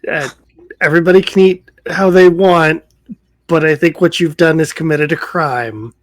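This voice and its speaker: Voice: medium pitch, fairly even intonation, moderate pace. A tabletop role-play player speaking hesitantly, with lots of stammers and restarts. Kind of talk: in-character improv role-play.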